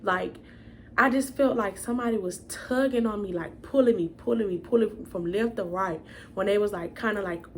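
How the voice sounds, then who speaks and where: A woman's voice: medium pitch, darkish tone, slight background noise. A young woman telling a storytime vlog in a casual, chatty way, addressing viewers as y'all. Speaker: vlogger.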